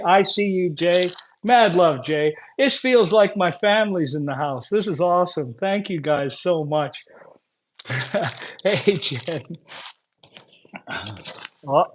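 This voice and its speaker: A man with a slightly high voice chats casually to his livestream viewers while unboxing, effusive and quick to laugh. A faint hiss sits under the recording. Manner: warm, effusive, laughs often. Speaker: livestream host.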